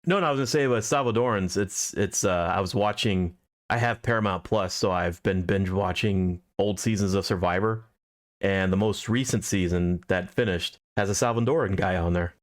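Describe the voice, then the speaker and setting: Deadpan, lower-voiced sarcastic man. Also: normal speed. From Southern California. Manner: dry, sarcastic joking with a deadpan delivery. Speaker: podcast co-host. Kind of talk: casual chat.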